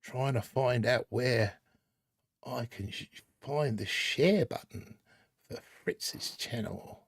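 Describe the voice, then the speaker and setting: A man's voice: medium pitch, slow pace, breathy edge. A man hosting a casual live stream in a put-on Australian accent, rambling and joking as he reads out chat names. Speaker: livestream host.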